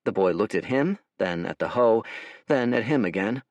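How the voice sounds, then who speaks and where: A man narrating an audiobook in a wry, animated storytelling manner, recorded close to the mic. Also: on the low side, moderate pace, no echo. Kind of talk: scripted narration.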